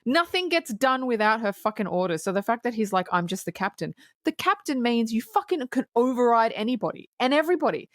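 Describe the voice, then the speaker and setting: A woman co-hosting a podcast, recapping a film in casual chat, lively and laughing, swearing freely. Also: fairly high pitch, brisk, few pauses, no room sound, studio quality. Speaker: podcast co-host.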